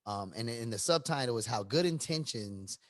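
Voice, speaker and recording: A Chicago man in casual podcast chat, his pitch swinging widely as he argues. He is blunt and profane, and he climbs close to a shout when he gets worked up. He sounds like a regular co-host laying out his view to friends. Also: normal speed. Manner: animated, profane, rising to near-shouts when riled up.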